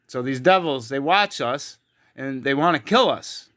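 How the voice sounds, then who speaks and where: A man's voice: medium pitch, expressive, measured pace, fairly bright tone. A man teaching from the Bible in an online video, heated and emphatic, with frequent fillers. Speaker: preacher.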